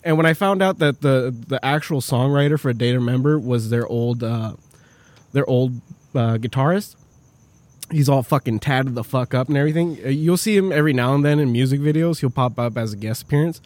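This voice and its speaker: A man telling stories as a podcast guest in a casual, animated way, swearing freely as he talks. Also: medium pitch, a little fast, dry recording. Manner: profane, animated storytelling. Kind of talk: casual chat.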